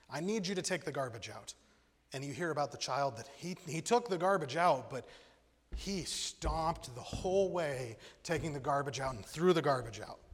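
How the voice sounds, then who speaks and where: A man preaching a sermon in an animated way, acting out the voices in his stories. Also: medium pitch. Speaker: pastor. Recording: long hall reverb.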